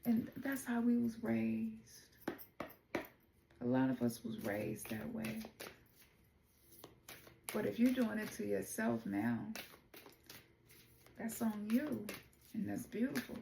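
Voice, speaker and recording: A Memphis, Tennessee woman with a Southern accent gives a casual spiritual oracle card reading, talking straight to viewers and calling them y'all. Her mid-range voice is gravelly and darkish in tone, chatty and informal, recorded in an echoey room with a little hiss or hum.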